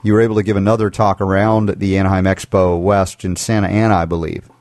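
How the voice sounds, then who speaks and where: A man's voice: sits low, level tone, fast talker, darkish tone, no echo, clean studio sound. A man hosting a casual talk show, playful and affirming of his guest. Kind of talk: casual chat.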